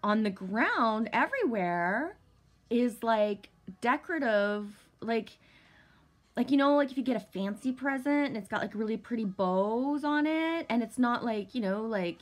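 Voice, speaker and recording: A woman vlogger casually telling a long story, rambling with lots of fillers, swearing often and bursting into giddy excitement. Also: fairly high pitch.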